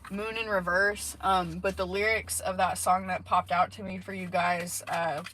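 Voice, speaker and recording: In a parked car, a woman gives a rambling, casual tarot reading with lots of fillers and asides. Her lowish, fairly bright voice has little pitch movement and a measured pace, and the rough recording has faint background noise.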